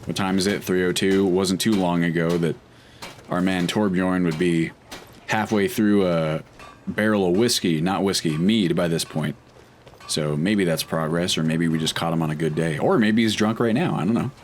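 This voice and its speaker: A man's voice: low-pitched, moderate pace, slight background noise. A man casually commenting while playing a video game, chatty and wry, thinking aloud as he goes. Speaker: let's play host.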